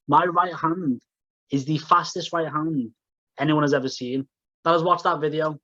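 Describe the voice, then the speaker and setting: A man's voice: fairly high pitch, fairly even intonation, normal speed, bright, forceful tone, dry recording. A man co-hosting a podcast in casual chat, joking around and keeps calling people mate. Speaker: podcast co-host. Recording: dry, dull lo-fi sound.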